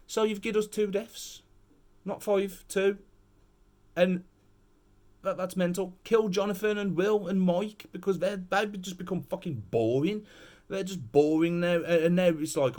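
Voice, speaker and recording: A man hosting a casual spoken review, talking bluntly and swearing through an animated rant. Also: a little high, moderate pace. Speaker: show host.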